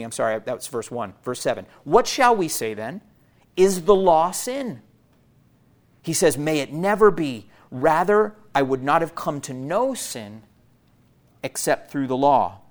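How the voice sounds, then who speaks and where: A man preaching an expository sermon, earnest and emphatic, posing rhetorical questions to his church. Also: on the high side. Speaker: pastor.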